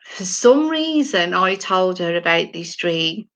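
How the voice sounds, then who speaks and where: A British woman in her sixties, a spiritual medium, telling her personal story slowly and emotionally, often repeating words. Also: fairly low pitch, big pitch swings, a bit bright. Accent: British English. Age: 60s. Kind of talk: personal testimony talk.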